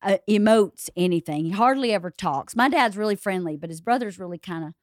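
A middle-aged woman with a Southern accent, hosting a casual podcast chat and telling family stories with lively put-on voices. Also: medium pitch, fairly quick, no echo, studio quality. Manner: animated storyteller who acts out family voices. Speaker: podcast host.

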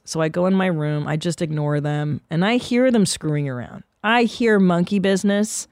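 A woman hosting a comedy podcast, telling rambling, profane anecdotes in a casual, animated way. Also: fairly low pitch, fairly quick, few pauses, no echo, clean studio sound.

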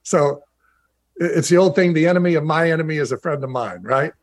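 A man's voice: fairly high pitch, a little fast. A middle-aged man, a former pro football player turned broadcaster, telling stories in a remote interview with chatty restarts and emphatic repetition. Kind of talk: remote interview, anecdotal storytelling. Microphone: video call.

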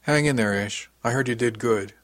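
A man's voice: mid-range voice, moderate pace, no echo, lightly acted. A man voicing a friendly young female crewmate with a playful, teasing way of talking.

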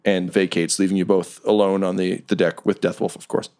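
A man's voice: deep voice, flat delivery, brisk, darkish tone. A man narrating a tabletop role-playing game as game master, in a casual, laid-back way.

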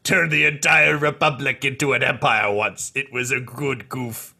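A man's voice: mid-range voice, fairly even intonation, moderate pace, vocal fry, bright, forceful tone, husky, pitched above the performer's own voice, exaggerated voice. A man putting on a grumbling old Sith emperor.

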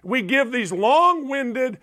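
A man's voice: very high-pitched, expressive, slow, bright, forceful tone. A man hosting a sports talk show, giving a blunt, sarcastic opinion monologue. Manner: blunt, sarcastic, mocking voices in quotes.

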